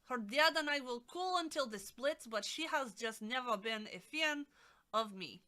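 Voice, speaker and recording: A woman doing a loud mock Russian storyteller. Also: fairly high pitch, expressive, moderate pace. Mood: mock storytelling. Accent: mock Russian, self-admittedly inaccurate.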